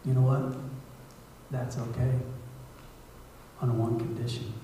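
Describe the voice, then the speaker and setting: A man preaching as a guest missionary in a church sermon, conversational, acting out prayers and dialogue, moving from hushed asides to loud appeals. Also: mid-range voice, little pitch movement, slow pace, slight background noise. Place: church sanctuary. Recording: echoey church hall, mic at a distance.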